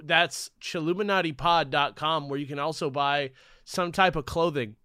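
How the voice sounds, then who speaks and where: A man's voice: a little high, normal speed, bright, forceful tone, clear, resonant tone, dry recording, clean studio sound. A man co-hosting a podcast in casual, jokey banter, riffing and laughing often. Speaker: podcast co-host. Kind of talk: casual comedic chat.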